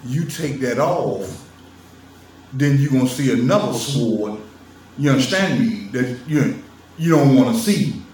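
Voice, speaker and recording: Animated yet a little slow, a man with a medium-pitched, slightly mellow voice lectures his viewers about religion. The casual monologue is emphatic and playful, broken up by frequent laughs. There's roomy sound from a distant mic, faint ambience, and slight hiss or hum.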